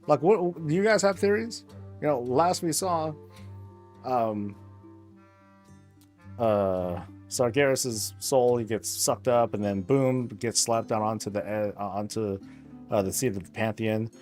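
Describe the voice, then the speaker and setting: Guy streamer rambling n joking around, cusses a lot, mid pitch, faint music behind. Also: a little slow, darkish tone. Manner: swears freely. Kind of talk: casual chat.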